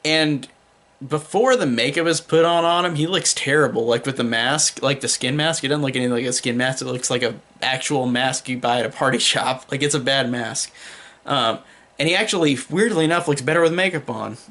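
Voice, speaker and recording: A man's voice: mid-range voice, fairly quick, a bit bright. A young man giving a casual spoken film review, rambling with many fillers and restarts.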